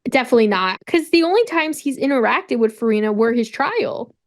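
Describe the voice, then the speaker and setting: A woman's voice: on the high side, animated, brisk. A woman co-hosting a podcast, explaining points plainly and sure of her facts. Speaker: podcast co-host. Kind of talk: casual chat.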